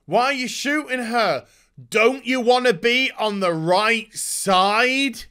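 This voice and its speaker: A man's voice: extremely high pitch, slow pace, sharp tone, smooth, pitched above the performer's own voice, heavily acted. A British man mocking preachy young women scolding someone, in a sing-song voice.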